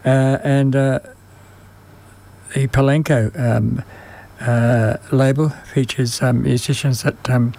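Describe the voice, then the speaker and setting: A man presenting music on the radio, speaking haltingly with many pauses and fillers, and losing his voice. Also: medium pitch, flat delivery, gravelly, dark tone. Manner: halting, many ums and uhs. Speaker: radio music show host.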